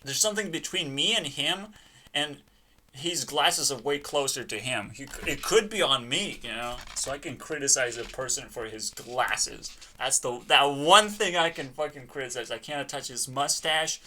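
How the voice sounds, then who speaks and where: A man's voice: medium pitch, normal speed, sharp tone, slight background noise. A man giving a profane, mocking reaction commentary, ranting and laughing often. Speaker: channel host reacting to a video.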